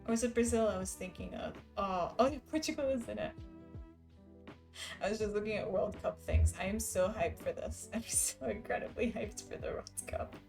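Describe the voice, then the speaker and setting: A woman's voice: mid-range voice, normal speed, vocal fry, a little mellow, faint music behind. A woman streamer talking casually with her chat, laughing often and reading messages aloud. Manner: giggly, chatty, reads chat aloud.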